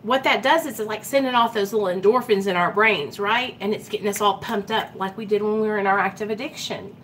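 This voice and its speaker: A woman talking casually and earnestly to her viewers in a recovery vlog, animated and direct. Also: mid-range voice, quick pace, a little hiss or hum. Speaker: recovery vlogger. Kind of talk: casual livestream-style talk to viewers.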